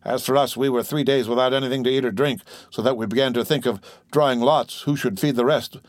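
Give me a man playing a plain-spoken old seaman, loyal and rough. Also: medium pitch, steady tone, fast, no room sound, natural voice. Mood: recounting. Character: old sailor telling of a shipwreck.

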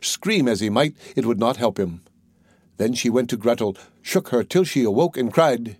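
A man's voice: medium pitch, lively intonation, normal speed, darkish tone, slightly rough, no room sound, studio quality. Man reading a fairy tale aloud. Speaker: narrator. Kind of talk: storybook reading.

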